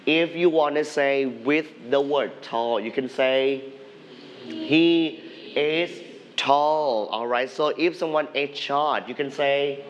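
A man's voice: medium pitch, measured pace, few pauses, dull audio, a little hiss or hum. A man teaching an English vocabulary lesson to a class, patiently repeating words for the students to echo.

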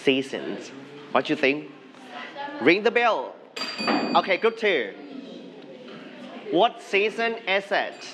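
A man's voice: high voice, very animated, takes it slowly, pauses often, noisy background. A man with a Thai accent teaching an English class, prompting students and having them repeat phrases back. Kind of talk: classroom language drill.

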